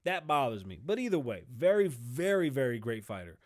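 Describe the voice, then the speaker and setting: A man hosting a podcast alone, ranting casually and profanely in animated commentary. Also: mid-range voice, brisk. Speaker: podcast host.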